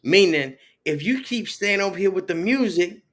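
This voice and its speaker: Man guest, relaxed slangy storyteller with a slightly raised voice, does the quoted voices himself. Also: high-pitched, moderate pace. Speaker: podcast guest, author. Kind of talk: casual conversation.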